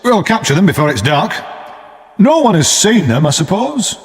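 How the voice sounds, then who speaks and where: A brisk army sergeant who gives orders crisply, as a man reading a story puts him on. His voice rises and falls in a lively way. A long reverb trails behind every line. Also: sits high, pitched above the performer's own voice. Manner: brisk, commanding.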